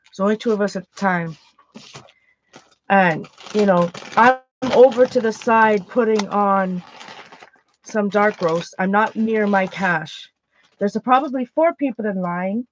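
A woman's voice: medium pitch, a little slow, a little hiss or hum. A woman chatting casually while painting, a laughing storyteller. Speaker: art vlogger. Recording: dull, dry lo-fi sound.

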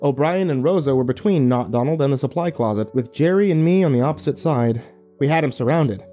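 A man narrating a first-person horror story in a wry, expressive way. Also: mid-range voice.

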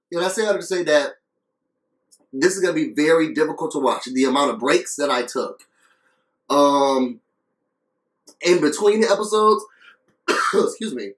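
A man's voice: a little high, expressive, unhurried, pauses often, a bit bright, reverberant, rough recording. A man talking earnestly in a casual vlog review, coughing between phrases and repeating himself for emphasis. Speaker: video reviewer.

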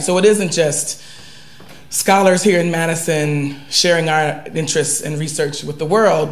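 A woman professor speaking on a university seminar panel in a relaxed, earnest, conversational way. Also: sits low, vocal fry. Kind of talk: seminar talk. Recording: echoey room.

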